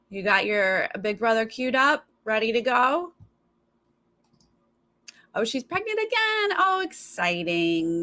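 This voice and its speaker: A woman from Los Angeles hosts a live stream reacting to a TV show, chatting casually with viewers and mimicking other people's voices in her stories. Her voice is on the high side, gravelly and sharp-toned.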